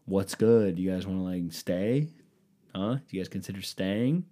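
A whiny, apologetic plantation owner, put on by a podcast comedian in a lowish male voice. He wheedles and pleads nervously. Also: normal speed, mellow, lightly acted. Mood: pleading.

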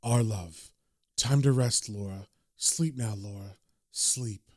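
A man doing a hushed, halting male ghost. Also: no room sound, clean studio sound. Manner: low, hushed, halting short phrases. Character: sorrowful male ghost, vengeful lover.

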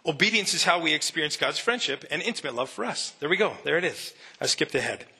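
A pastor preaches to his church in the sanctuary, earnest and conversational, often restarting sentences while emotional and near tears. His fairly high voice is animated and fast, creaky and sharp with a breathy edge.

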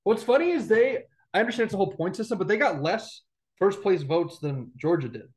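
A man with a slightly raised voice talks rapidly on a casual sports podcast. He sounds incredulous as he speaks. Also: high voice, lively intonation.

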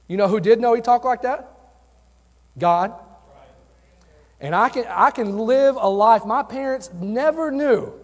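High-voiced youth pastor preaching in a hall. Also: male voice. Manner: earnest, conversational preaching with personal stories. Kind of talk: sermon. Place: church sanctuary. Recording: long hall reverb.

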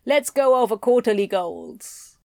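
A woman's voice: fairly high pitch, expressive, a little slow, voice pushed up. Pushy office manager, lectures his team; a woman narrator voices him. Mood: lecturing. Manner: bossy, lecturing. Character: brisk male sales manager, pushy.

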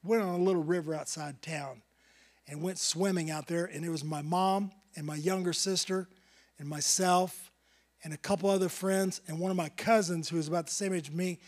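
A middle-aged man preaching a sermon, building to emphatic bursts and then dropping to quiet asides. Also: high voice, steady tone, normal speed. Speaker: pastor.

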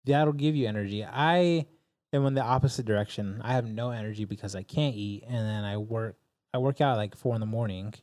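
An easygoing young man co-hosts a podcast, chatting casually and readily agreeing with his partner. His voice is mellow and warm in tone, recorded close and dry. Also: on the low side, a little fast, no room sound. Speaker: podcast co-host. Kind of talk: casual chat.

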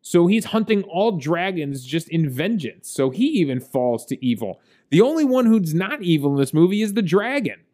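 Chatty higher-voiced man reviewing a movie. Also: sing-song, normal speed, hardly any pauses, darkish tone. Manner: chatty, laughs often, many fillers. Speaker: podcast co-host. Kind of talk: casual movie review chat.

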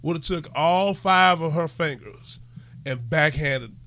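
A man co-hosts a casual podcast, telling stories in an animated, loud way. His voice is bright and forceful and sits a little high for a man. The sound is dry and close, with no room behind it. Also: unhurried, dry recording. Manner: animated, loud storytelling with Southern slang. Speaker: podcast co-host. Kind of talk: casual chat.

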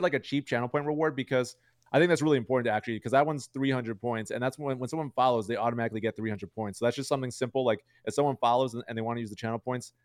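Man, streamer guest, quick talker, smooth clear voice, filler-heavy rambling. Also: medium pitch, no echo, clean studio sound. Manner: rambling, full of "like" and "you know" fillers. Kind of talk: casual interview chat.

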